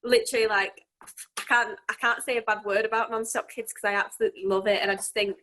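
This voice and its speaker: A woman's voice: on the high side, fairly even intonation, fast, a bit bright. A woman in her twenties, a children's entertainer, chatting casually and giggling between answers in an interview. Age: 20s.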